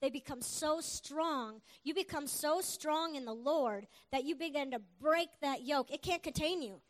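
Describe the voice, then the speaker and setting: High-pitched woman preaching, middle-aged, earnest and lively, jokes now and then. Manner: earnest, animated, with quick asides and laughs. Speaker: preacher giving testimony. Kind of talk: sermon testimony.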